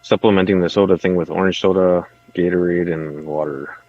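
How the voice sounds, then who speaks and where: Male co-host, deep monotone, relaxed rambler, dull recording. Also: fairly quick. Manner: laid-back, rambling with fillers. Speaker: livestream co-host. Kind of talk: casual chat about fish tanks.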